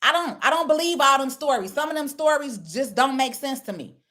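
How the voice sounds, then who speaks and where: A woman's voice: high-pitched, animated, a little fast, pushed and bright. A woman speaking blunt, preachy casual talk, lecturing her viewers. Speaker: online commentator. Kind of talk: casual direct-to-camera talk.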